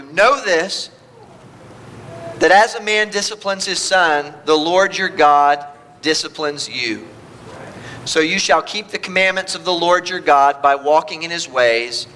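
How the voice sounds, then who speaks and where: A man's voice: high-pitched, bright, forceful tone. A man preaching a sermon, reading scripture and speaking God's words in the first person with emphatic rises. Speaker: pastor.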